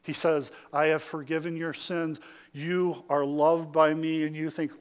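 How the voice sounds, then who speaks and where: Man, pastor, sermon, slow delivery, hushed to loud, calls for amens. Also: fairly high pitch, little pitch movement, smooth. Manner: acts out inner voices, calls for amens.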